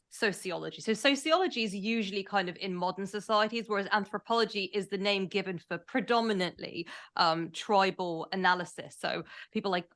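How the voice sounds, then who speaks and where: A woman from the UK, a branding expert guest on an interview podcast, who talks with enthusiasm and explains ideas in a thoughtful, measured way. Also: mid-range voice, fairly bright tone. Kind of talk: casual interview chat.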